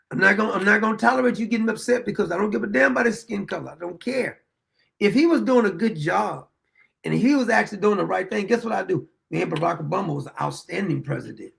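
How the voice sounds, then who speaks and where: Male show host, high voice with heavy fry, blunt and combative commentary, rhetorical jabs. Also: a bit bright. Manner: dry chuckles between points. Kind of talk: opinion commentary monologue.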